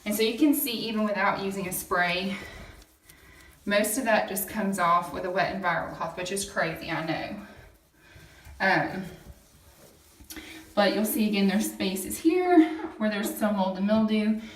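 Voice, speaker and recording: In her home bathroom, a woman with a medium-pitched, unhurried voice gives a casual how-to demonstration, chatting and explaining as she scrubs. She's a product demonstrator, and the camera sits back from her, so the tiled room sounds echoey and distant.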